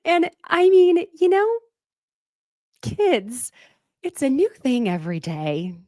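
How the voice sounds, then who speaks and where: Animated, gossipy woman. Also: high voice, takes it slowly, no echo, studio quality. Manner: animated, gossipy, laughs often, talks to listeners directly. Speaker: podcast host recapping a reality show. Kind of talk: casual chatty recap.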